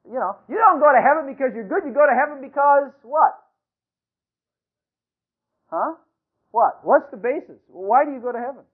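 A man with a high voice preaches a sermon over a thin, phone-like radio broadcast. He fires rhetorical questions at the congregation. He swings between loud emphatic calls and quiet asides. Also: lively intonation, normal speed, long pauses, husky.

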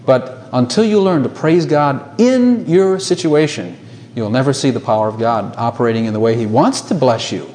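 A man preaching a sermon to a congregation, animated, laughing often and asking rhetorical questions. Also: medium pitch, normal speed, slight background noise.

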